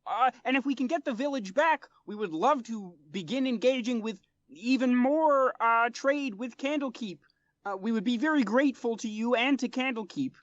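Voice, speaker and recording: Man voicing a high, earnest frogfolk interpreter for a tabletop game; dull, dry sound. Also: normal speed, no room sound.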